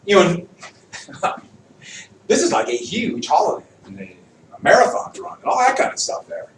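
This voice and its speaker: A man with a high voice whose pitch swings widely teaches history and keeps quizzing his students as he goes. He is picked up from across an echoey classroom with faint room noise behind him. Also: normal speed, recorded from a distance. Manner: animated, jokey, quizzes the class. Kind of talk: classroom lecture with student questions.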